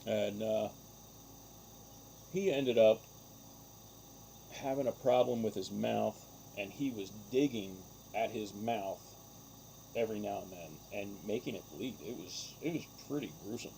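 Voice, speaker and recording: A man's voice: lowish voice, unhurried, vocal fry, pauses often, dark tone, a little hiss or hum. A man, a farmer, telling stories in a casual, rambling and aggrieved way, with many filler words. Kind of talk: casual storytelling monologue. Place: outdoors on a farm.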